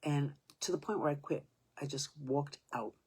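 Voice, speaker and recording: Husky low-voiced woman in her seventies. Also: a little mellow. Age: 70s. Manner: halting, restarting sentences, sometimes dropping to a whisper. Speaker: storyteller. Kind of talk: personal storytelling monologue.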